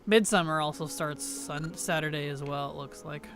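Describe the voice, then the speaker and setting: A man's voice: fairly high pitch, steady tone, moderate pace, music in the background. A man streaming a video game, chatting casually in an offhand, mumbly way and letting his sentences trail off. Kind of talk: casual gaming chat.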